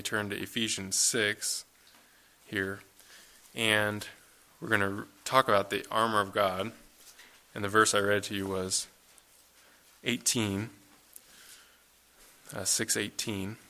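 A young man giving a sermon as a pastor, in a relaxed conversational way with many fillers. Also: lowish voice, slow, pauses often. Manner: casual conversational preaching with fillers.

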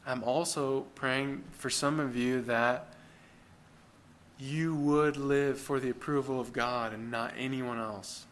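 A male pastor gives a sermon in an everyday, conversational tone. His voice sits at a middle pitch. He speaks earnestly and often asks the congregation questions, with a faint hiss of noise behind him. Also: steady tone, slow, fairly bright tone. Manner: earnest, plain-spoken preaching.

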